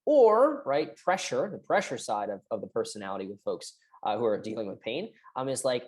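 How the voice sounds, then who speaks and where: Woman physio talking to the camera, low voice but really animated, keeps saying right?. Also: fairly quick, hardly any pauses. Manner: conversational, often asks "right?". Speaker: physical therapist. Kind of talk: direct-to-camera health talk.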